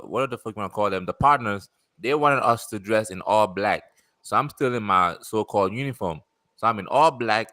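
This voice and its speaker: A man casually telling an animated story about a delivery, laughing and swearing as he goes. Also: on the low side, no room sound. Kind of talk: casual chat.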